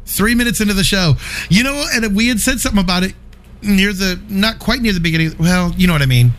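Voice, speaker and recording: A man's voice: sits high, expressive, fast, a bit bright, slight background noise. A man hosting a casual livestream chat, reading viewer comments aloud and swearing freely in a laid-back way. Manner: profane, laid-back, laughs often.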